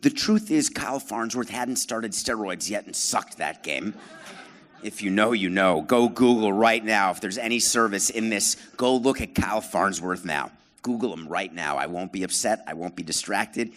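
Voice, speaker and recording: A man's voice: lowish voice, moderate pace, fairly bright tone. A middle-aged man hosting a live podcast show on stage, telling stories to an audience in a sarcastic, self-deprecating way and needling the crowd. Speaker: podcast host and former baseball team president.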